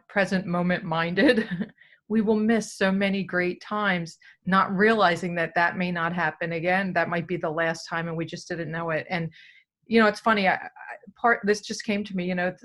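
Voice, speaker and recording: A woman's voice: fairly low pitch, fairly bright tone. A woman hosting a casual parenting video chat, thoughtful and reflective, laughing now and then. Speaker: parenting talk host.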